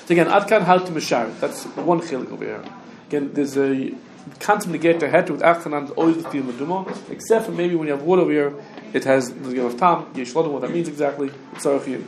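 A man teaching a Talmud class to students, talking quickly and restarting often, with Hebrew and Yiddish terms mixed in. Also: a little high. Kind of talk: casual Talmud study lesson. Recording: echoey room with faint background noise.

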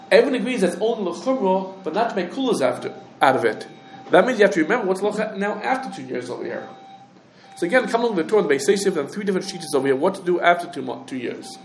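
A man teaching a halachic lecture, talking quickly with restarts and lots of Hebrew and Yiddish terms. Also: high voice, roomy sound, slight background noise. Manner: rapid, halting, many restarts, heavy Hebrew terms. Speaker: Torah teacher.

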